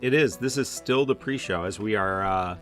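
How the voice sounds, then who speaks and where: A man's voice: lowish voice, moderate pace, fairly bright tone, soft background music. A man hosting a podcast livestream pre-show, chatting casually, rambling and joking with frequent laughs. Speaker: podcast host.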